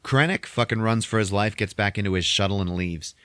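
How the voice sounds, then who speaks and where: A man hosting a podcast, recapping a film in a casual, profane way and acting out the characters in quick voices. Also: fairly low pitch, smooth, no room sound. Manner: animated retelling, heavy swearing, acts out characters in quick voices. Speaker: podcast host retelling a film.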